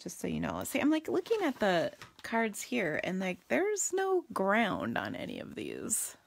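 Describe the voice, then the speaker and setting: A woman's voice: medium pitch, huge pitch swings, unhurried, gravelly, no echo. A woman hosting a casual live card-making demo, chatty and goofy, talking to viewers and muttering to herself as she works.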